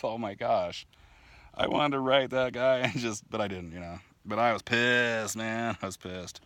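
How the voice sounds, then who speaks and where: A man telling the story of his spiritual journey to a camera outdoors. He rambles with fillers and restarts, laughs often, and grows animated when he is annoyed. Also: fairly low pitch, moderate pace. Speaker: vlogger sharing spiritual testimony. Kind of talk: casual personal storytelling to camera. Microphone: camera mic.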